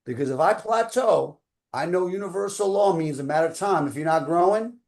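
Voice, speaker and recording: Gravelly man in his fifties coaching. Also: sits high, animated, brisk. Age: 50s. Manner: emphatic, casual slang such as man and dude. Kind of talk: motivational storytelling.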